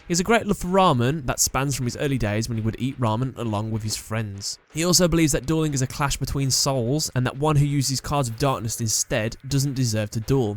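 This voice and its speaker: Man narrating character trivia. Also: mid-range voice. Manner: plain, matter-of-fact listing of facts. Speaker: host.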